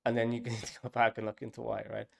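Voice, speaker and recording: A man's voice: mid-range voice, monotone, quick pace, creaky. A man, casually talking through his app's design and thinking aloud with lots of fillers. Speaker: app developer. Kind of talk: casual dev log talk.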